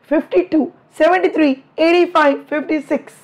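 A middle-aged Indian English-speaking woman teaches a live online class, chatting fondly with her students and teasing them affectionately. Her voice is high-pitched with fairly even intonation and a moderate pace, and her throat sounds a little strained from lecturing.

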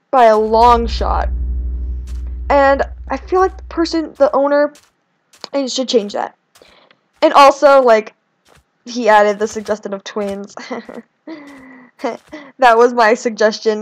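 A young woman chatting casually while playing a video game, rambling and swinging between whiny complaints and excited outbursts. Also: high voice. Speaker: gaming video creator. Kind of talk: casual let's-play commentary.

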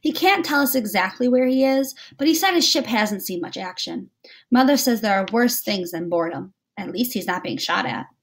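A woman reading aloud voices a lively young girl who talks eagerly and chattily. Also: mid-range voice, normal speed, natural voice. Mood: matter-of-fact. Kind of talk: read-aloud storybook dialogue.

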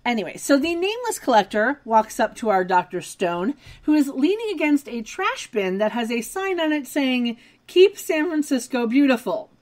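Brief: young woman podcast co-host, chatty and wry, fairly high voice, casual episode recap. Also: big pitch swings, moderate pace, few pauses. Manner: chatty, detailed, wry asides.

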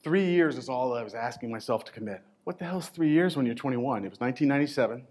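A man in his forties giving a storytelling motivational talk to coaches, conversational and emphatic, with short pauses, speaking into a lapel mic. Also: mid-range voice, animated, a little mellow. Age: 40s. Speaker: keynote speaker at a coaching event. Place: conference stage before a live audience.

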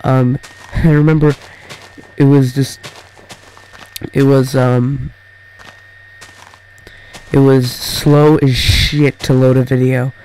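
A teenage boy chatting casually over his gameplay, rambling and halting, full of fillers and restarts. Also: mid-range voice, flat delivery, a little mellow, slight background noise, low-quality recording. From Canada. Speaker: gaming YouTuber.

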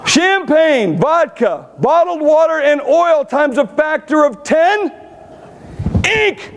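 A man's voice: very high-pitched, big pitch swings, takes it slowly, pauses often, a crowd in the background. A man giving a conference keynote, telling blunt, brash stories with humor. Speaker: keynote speaker. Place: conference stage.

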